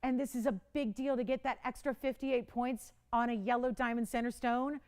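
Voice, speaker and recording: A woman hosting a live TV jewelry auction, chatty and pleading, quick to laugh. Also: a little high, steady tone, a little mellow. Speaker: live shopping host. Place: TV studio.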